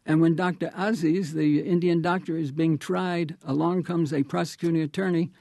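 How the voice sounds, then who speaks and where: A man's voice: a little high, steady tone, moderate pace, vocal fry, warm tone, dry recording, studio quality. A man being interviewed as an author on a radio program, reflective and anecdotal, often restarting his phrases. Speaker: author and guest.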